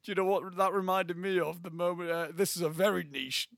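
A young man, co-hosting a casual film podcast, animated and laughing often. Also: high voice, a little fast, gravelly, slight background noise. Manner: animated, laughs often, acts out scenes in funny voices. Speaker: podcast co-host.

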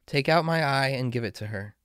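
A man voicing a kind, grave statue of a prince in a storybook reading, calm and pleading. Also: medium pitch, fairly quick, dry recording, studio quality, close to an everyday voice. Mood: tender.

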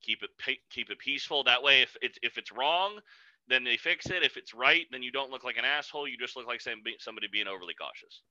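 A man's voice: medium pitch, expressive, fast talker, pushed and bright, dry recording, muffled recording. A man co-hosting a casual podcast, talking bluntly and emphatically with some profanity. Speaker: podcast co-host, powerlifting coach.

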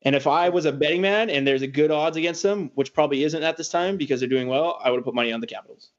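A man's voice: fairly high pitch, quick pace, lo-fi sound. Rambling joking male podcast host. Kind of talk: casual sports podcast chat.

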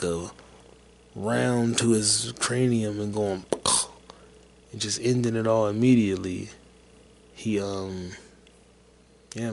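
Low-voiced man rambling about a movie. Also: a little hiss or hum. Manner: rambling, profane, laid-back, with many fillers. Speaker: podcast host. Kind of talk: casual movie chat.

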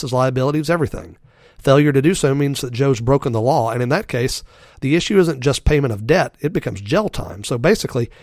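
A man hosting a scripted finance podcast, his voice raspy from a respiratory illness, speaking directly and emphatically to his listeners. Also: medium pitch, no room sound, clean studio sound. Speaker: podcast host.

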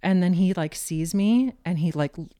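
Casual guest, woman, deep voice, chatty storyteller with many fillers. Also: moderate pace, mellow. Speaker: podcast guest.

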